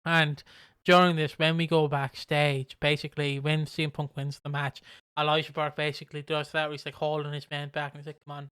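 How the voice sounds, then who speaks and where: A man co-hosting a casual podcast, his voice pitched a little high with a smooth, clean tone. He rambles through recaps with plenty of swearing. The sound is dry and close, with no room echo. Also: monotone, a little fast, fairly bright tone. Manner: rambling, swears, acts out quotes. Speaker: podcast co-host. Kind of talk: casual chat reviewing wrestling.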